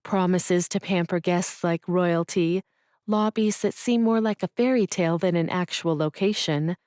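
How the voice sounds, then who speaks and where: A woman reading a romance audiobook in a measured, expressive way on a close studio mic. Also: fairly low pitch, clean tone, dry recording. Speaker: audiobook narrator. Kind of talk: scripted romance narration.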